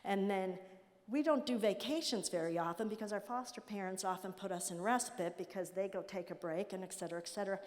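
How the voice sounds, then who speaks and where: A middle-aged woman addresses an audience with storytelling, her pitch sitting in the ordinary middle for a woman. She acts out the voices of the people in her stories. Her voice rings with the long tail of a large hall. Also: brisk. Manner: animated storyteller acting out quoted voices. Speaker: nonprofit president speaking at a summit.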